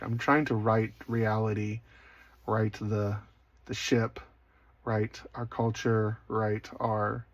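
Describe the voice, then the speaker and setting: A man speaking casually as an online Christian speaker, rambling, with self-deprecating humor and frequent quiet asides. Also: lowish voice, no echo. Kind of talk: casual spoken reflection. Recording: dry, slightly dull recording.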